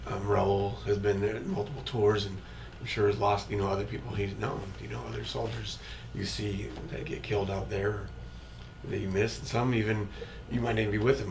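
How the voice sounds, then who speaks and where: A man's voice: on the low side, level tone, fast, creaky. A man, a comedian and war veteran, talking earnestly and a bit rambling in a casual interview. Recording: echoey, distant mic, loud background noise.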